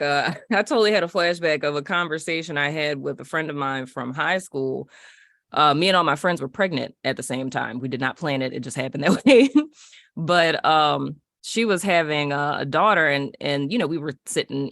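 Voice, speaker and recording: Bright animated woman panelist. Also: low-pitched, normal speed, no room sound, studio quality. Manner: animated, laughs between words, uses slang. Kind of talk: casual storytelling.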